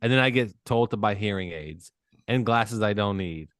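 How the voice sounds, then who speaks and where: A man's voice: fairly low pitch, moderate pace, a bit bright, clear, resonant tone. A man co-hosting a podcast in casual banter, rambling and swearing freely. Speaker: podcast co-host.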